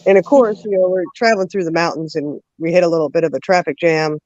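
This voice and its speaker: A woman's voice: lowish voice, dry recording. A woman hosting a casual chat, telling a long story with lots of fillers and laughter. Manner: lively, laughing, drawn-out storyteller with many fillers. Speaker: host. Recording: dull lo-fi dry sound.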